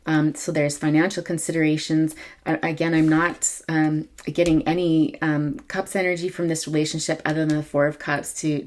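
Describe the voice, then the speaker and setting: A woman with a low voice gives a casual tarot reading to camera. She talks in a halting way, with many ums and quick self-corrections. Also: slight background noise. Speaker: tarot reader.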